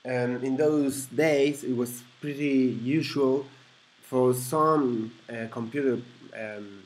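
A man's voice: medium pitch, a little mellow. A man speaking English as a second language, casually walking through a computer project with many fillers and self-corrections. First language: not English. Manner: chuckles to himself now and then. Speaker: hobbyist explaining a computer project. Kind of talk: casual screen-recorded walkthrough.

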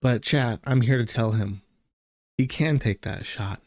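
A man's voice: mid-range voice, unhurried, a little mellow, no room sound, clean studio sound. A man hosting a stream, ranting to chat in a profane, mocking, crude manner. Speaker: streaming show host.

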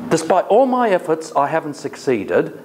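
A man's voice: on the high side, big pitch swings, normal speed, a little mellow, slight background noise. A man lecturing a college class, asking the students questions and paraphrasing the text for them. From Australia.

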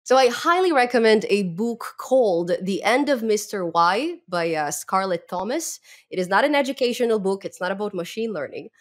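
Young woman w/ a foreign accent chatting on a podcast, lively, laughs a lot, says um a lot. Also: mid-range voice, normal speed, hardly any pauses. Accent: non-native English accent. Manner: lively, laughs often, many fillers. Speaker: podcast guest, Python educator. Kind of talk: casual interview chat.

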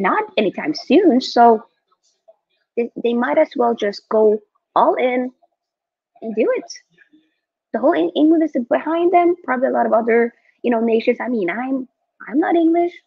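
A young woman hosting a live football watchalong from home, excitable and reading out viewer chat. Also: a little high, husky, dry recording. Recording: dull lo-fi dry mic.

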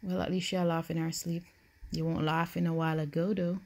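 A young woman from Jamaica with a Jamaican accent, giving casual commentary while playing a life-simulation game, swinging from hushed worry to loud excitement. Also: low-pitched, brisk. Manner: animated, swings from quiet worry to loud joy. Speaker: gaming YouTuber. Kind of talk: Sims let's-play commentary.

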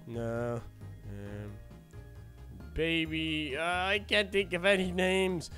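An Irish man, a gaming YouTuber, talking excitably with many fillers in a playful game role-play. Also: a little high, faint music behind. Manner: excitable, quick, full of fillers.

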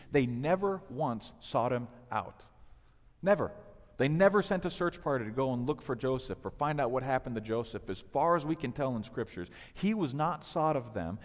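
Man preaching animatedly in a church hall. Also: mid-range voice. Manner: animated preaching, voices the figures in quotes. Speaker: pastor. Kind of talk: sermon. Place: church sanctuary.

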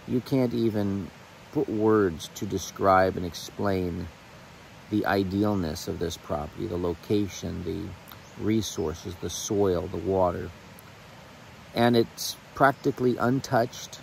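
A middle-aged man speaking outdoors on rural land, praying and then talking to his viewers in an earnest, emotional way with pauses and restarts. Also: on the low side, vocal fry, a little hiss or hum, rough recording. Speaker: channel host. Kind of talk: heartfelt prayer and casual talk to camera.

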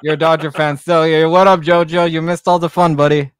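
Male amateur play-by-play streamer, smooth clear voice in a dry room, excitable and jokey. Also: on the high side, a little fast, no room sound. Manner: excitable, jokey, swears, shouts on big plays. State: out of breath. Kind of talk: live amateur play-by-play commentary.

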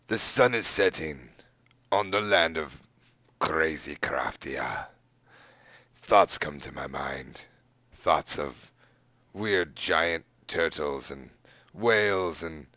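A man putting on a hushed dramatic narrator, whispered role-play. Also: rumbling low, animated, slow pace, pauses often, dry recording, pitched below the performer's own voice, exaggerated voice. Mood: brooding. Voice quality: breathy whisper.

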